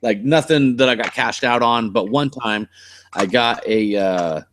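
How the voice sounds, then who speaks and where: A man's voice: medium pitch, measured pace, fairly bright tone, slight background noise. A man with a West Coast American accent chatting casually on a live stream as the channel host, blunt, rambling and cursing freely.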